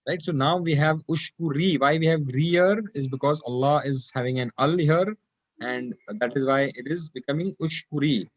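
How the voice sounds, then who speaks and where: A man's voice: on the high side, moderate pace, no echo, low-quality recording. A man teaching an online class, explaining grammar patiently and repeating practice phrases aloud over a video call. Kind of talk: online Quranic Arabic class.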